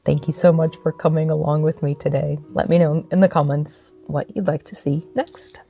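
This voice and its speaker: A woman's voice: deep voice, steady tone, moderate pace, creaky, mellow, faint music behind. An American woman around forty hosting a casual vlog outdoors by the sea, talking in a playful, self-mocking way. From United States. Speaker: vlogger host.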